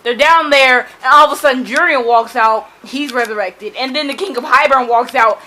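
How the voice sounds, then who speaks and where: A young woman recapping a novel in an excited reading vlog, gushing and dramatic, breaking into screams and laughs between run-on summaries. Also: high-pitched, moderate pace, poor audio. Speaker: book vlogger.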